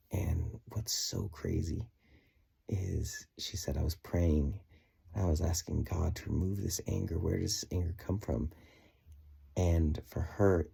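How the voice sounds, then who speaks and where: A man speaks into his daily video diary in a very deep voice with heavy gravel. The tone is husky and mellow, never bright. He tells his story earnestly and reflectively, leaning on fillers as he searches for words. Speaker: vlogger.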